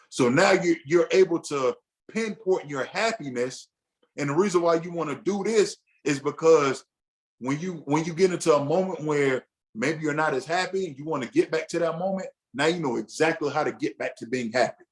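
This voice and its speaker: A man with a fairly high voice leads a men's group through a lesson in an easygoing, conversational way. He talks loosely, restarts sentences often, and acts out the inner thoughts a husband might have. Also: moderate pace. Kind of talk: casual teaching session.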